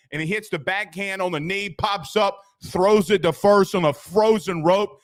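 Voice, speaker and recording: Man, sports show host, excitable, rambling, dry sound. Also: sits high, dry recording. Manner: excitable, rambling, laughs at own jokes. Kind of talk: casual sports talk show.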